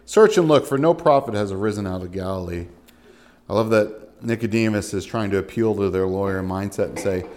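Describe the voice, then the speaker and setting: A man's voice: on the low side, fairly quick. Conversational male Bible teacher. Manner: reads scripture aloud with lively, animated quoting of voices; conversational asides like "right?" and "you know". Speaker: pastor.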